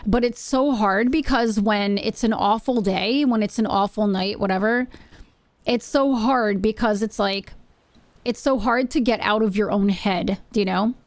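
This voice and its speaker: A woman's voice: mid-range voice, unhurried, dry recording. A woman live-streaming from her home setup, chatting casually with her viewers in a rambling way and often repeating her phrases. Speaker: Twitch streamer.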